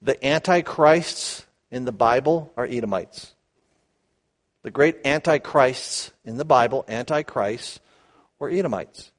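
A man teaching the Bible verse by verse, animated, asking his listeners questions and acting out the quotes. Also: medium pitch, measured pace. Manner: animated, asks the audience questions, acts out quotes.

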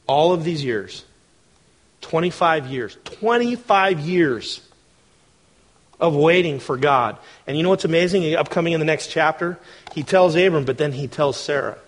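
A male pastor preaching a sermon, with a voice on the higher side for a man. His delivery is conversational and animated, and he keeps drawing the congregation in with questions.

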